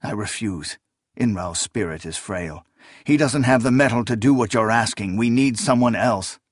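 A man's voice: mid-range voice, moderate pace, no room sound, studio quality, close to an everyday voice. A man voicing a loyal, stubborn male sorcerer who answers tensely and defensively. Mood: firm.

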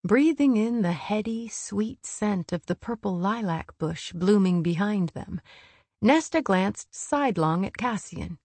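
A woman narrating an audiobook in a calm, measured reading. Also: medium pitch, no room sound. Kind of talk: scripted narration.

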